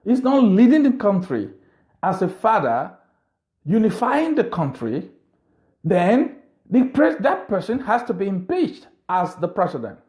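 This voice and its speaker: High-voiced, indignant man. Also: huge pitch swings, measured pace, darkish tone. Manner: indignant, rhetorical and repetitive. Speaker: political commentator. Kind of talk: impassioned monologue.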